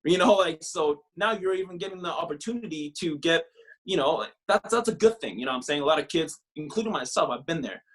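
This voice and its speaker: A young man from Canada, a podcast guest and former pro ballplayer, telling his story in a casual, profane, animated way full of filler phrases. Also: on the high side, fast talker.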